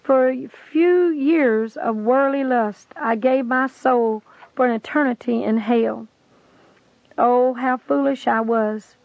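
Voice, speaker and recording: A woman's voice: fairly high pitch, slow pace, vocal fry, no room sound. A woman voicing a tormented woman in hell who pleads and confesses with remorse, on a dry lo-fi tape recording. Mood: remorseful. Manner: anguished, confessional.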